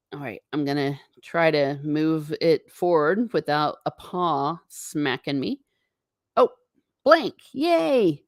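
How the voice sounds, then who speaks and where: A woman hosting a casual livestream from home, chatting with viewers in a wandering way and breaking off into quick asides to herself. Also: low-pitched, no echo, studio quality. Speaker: livestream host.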